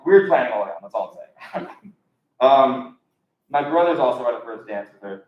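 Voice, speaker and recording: A man's voice: mid-range voice, lively intonation, normal speed. A young man doing a live stand-up comedy set, talking casually and rambling with lots of ums. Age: young adult. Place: live comedy show in an echoey room. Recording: echoey, dull lo-fi room recording.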